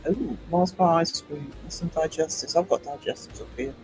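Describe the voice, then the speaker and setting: A man's voice: on the high side, normal speed, over music, poor audio. A man, an artist chatting casually and rambling to his stream viewers as he works, laughing easily.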